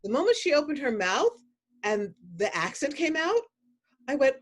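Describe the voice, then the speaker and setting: A woman moderating a virtual film panel, animated and quick to laugh. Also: high-pitched.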